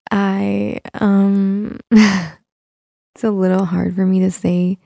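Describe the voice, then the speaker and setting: A teasing, controlling young woman, played by a woman in an audio role-play, coaxing her listener with soft laughs. Her voice has a gravelly fry and a dark, mellow tone. The sound is close and dry, with no room around it. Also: medium pitch, no echo.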